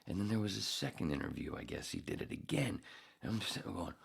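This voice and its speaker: Gravelly deep-voiced man ranting. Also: big pitch swings, fast. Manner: profane ranting, rambling. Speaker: podcast host. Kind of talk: casual monologue.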